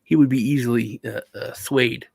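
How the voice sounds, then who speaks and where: A man hosting a casual chat, a rambling, animated storyteller. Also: medium pitch, moderate pace, creaky, breathy edge. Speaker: host.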